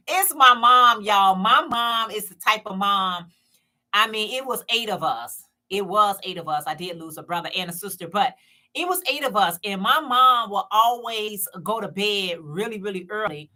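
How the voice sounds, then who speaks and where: Bright-voiced woman chatting on a livestream. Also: medium pitch, animated, measured pace. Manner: chatty, repeats herself, speaks straight to viewers. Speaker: channel host. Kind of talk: casual live-stream chat.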